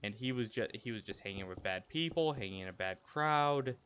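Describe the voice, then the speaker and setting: A man's voice: lowish voice, lively intonation, brisk, a bit bright. Young man telling a rambling story. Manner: rambling, candid, with frequent restarts. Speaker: streamer. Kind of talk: casual storytelling while gaming. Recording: dull lo-fi stream audio, faint noise.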